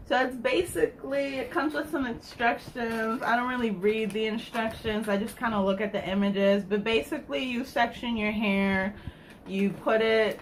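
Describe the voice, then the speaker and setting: Woman with a little lisp rambling to her channel, chatty and frank, faint noise behind. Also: medium pitch. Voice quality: slight lisp. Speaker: vlogger. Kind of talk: casual chat to camera.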